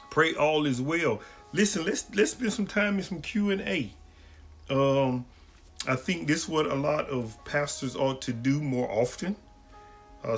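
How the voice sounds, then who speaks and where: A man's voice: medium pitch, vocal fry, a bit bright. A man, a pastor hosting a livestream question-and-answer session and greeting viewers by name in a folksy way. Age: adult, married.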